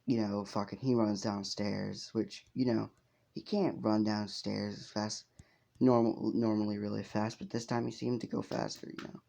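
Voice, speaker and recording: Gravelly man rambling through a story. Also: on the low side, flat delivery, normal speed, dark tone. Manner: rambling, heavy swearing, many fillers. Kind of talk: casual spoken fan story.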